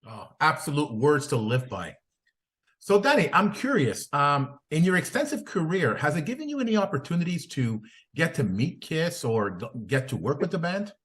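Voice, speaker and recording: A man's voice: a little high, sing-song, normal speed, a bit bright. A man hosting a podcast, asking interview questions enthusiastically, often restarting and repeating words. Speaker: podcast host.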